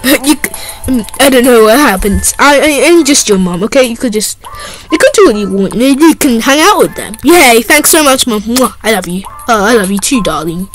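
A woman's voice: fairly high pitch, expressive, normal speed, soft background music, rough recording. A woman improvising a giggly, playful toy role-play, voicing many characters herself and often breaking into laughter.

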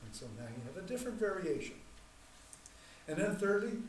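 A man teaching a church class in a measured, deliberate way, repeating key points and slowing down to stress terms. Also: high voice, sing-song, darkish tone. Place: church hall. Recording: echoey room, mic far off, faint noise.

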